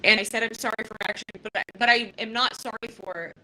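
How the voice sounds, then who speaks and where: Podcast host, woman in her fifties, bright and tense, blunt and swearing, emotional. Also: on the high side, steady tone, fast talker, rough recording. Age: 50s. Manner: raw, emotional and profane, with many restarts. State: close to tears. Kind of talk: casual live podcast talk.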